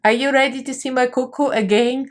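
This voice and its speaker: A woman with a Russian accent putting on a playful, flamboyant drag queen voice in a high, drawn-out, campy tone. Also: fairly even intonation, lightly acted.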